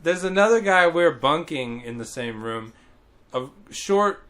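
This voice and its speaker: A man's voice: fairly high pitch, lively intonation, a little slow, fairly bright tone. A man telling stories in casual chat, swearing freely and mimicking people he quotes. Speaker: podcast co-host.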